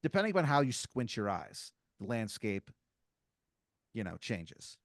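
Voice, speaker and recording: A man's voice: on the low side, sing-song, a little slow, no room sound, studio quality. Rambling man telling an improvised story. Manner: rambling, full of "like". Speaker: podcast co-host.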